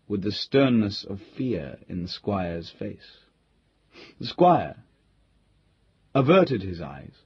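A man reading a classic ghost story aloud, in measured storytelling narration. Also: medium pitch, husky, no echo, highs cut off. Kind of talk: scripted audiobook narration.

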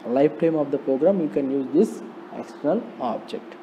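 A man with an Indian English accent giving a slow, repetitive programming lecture, often asking rhetorical questions. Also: on the high side, expressive, mellow. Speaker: polytechnic lecturer. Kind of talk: recorded classroom lecture on programming. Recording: dull lo-fi recording, faint noise.

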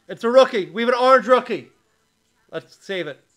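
A man hosting a live card break, reading out player names and shouting with excitement over big pulls. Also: very high-pitched, moderate pace, soft background music. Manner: reads out player names one by one. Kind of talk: live card-opening stream.

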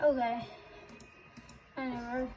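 Young woman, high voice, slow talk, jumpy swearing gamer commentary, noisy background. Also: little pitch movement, warm tone. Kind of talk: game commentary.

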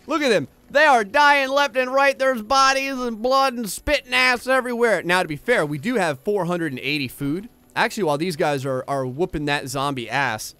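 An excitable young man talks through his gameplay in a high, very lively voice that swings between quiet mumbles and sudden outbursts. Faint game music plays underneath. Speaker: gameplay YouTuber. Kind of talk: casual gameplay commentary.

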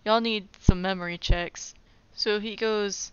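A woman casually reading scripture aloud and cutting in with wry, exasperated comedic asides that jump into loud, disbelieving outbursts. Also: mid-range voice, moderate pace, clear, resonant tone, no room sound, muffled recording. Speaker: comedic Bible reader.

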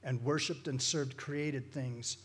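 Guest speaker, male, husky, folksy and rambling storyteller. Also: mid-range voice, steady tone, takes it slowly, a bit bright. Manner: folksy, rambling, frequent restarts and fillers. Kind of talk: informal church talk with storytelling.

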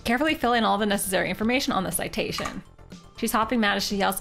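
A woman's voice: medium pitch, very fast, creaky, fairly bright tone, faint music behind. A woman streamer playing an old adventure game, reading its text aloud with playful jokes. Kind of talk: casual game livestream commentary.

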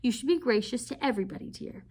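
A disapproving middle-aged aunt lays down the law in firm, clipped lines, as a woman reads her aloud. She sounds proper and strict, in a fairly high voice. The tone fits a storybook read-aloud. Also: lively intonation, fast talker, a little mellow, breathy edge. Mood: stern.

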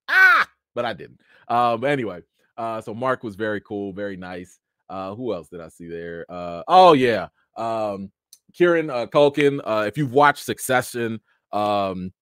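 A man casually telling stories from an awards show, chatty with many fillers, jumping into a high excited voice when acting out his encounters. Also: dry recording, studio quality. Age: adult with a child. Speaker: vlogger recounting an awards show. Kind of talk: casual storytelling chat.

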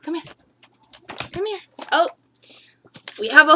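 A young woman gushing excitedly to her camera in a home video, recorded on the camera's microphone. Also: high voice, takes it slowly, long pauses, rough recording. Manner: bubbly, gushing. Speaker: vlogger. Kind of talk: excited haul vlog.

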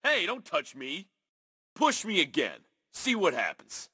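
A nervous game civilian, high husky voice, very bright. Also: male voice, huge pitch swings, unhurried, dry recording, clean studio sound, exaggerated voice. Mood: edgy. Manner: nervous, edgy. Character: jumpy nervous male civilian.

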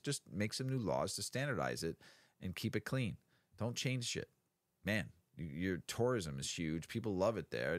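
A man's voice: low-pitched, no room sound. A man co-hosting a podcast, reading news headlines and adding blunt, offhand reactions. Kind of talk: casual news commentary.

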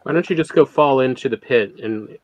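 A man's voice: medium pitch, a little fast, darkish tone, dull audio, a little hiss or hum. A man streaming a game, chatting casually in a rambling way and often trailing off mid-thought. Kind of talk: casual gaming chat.

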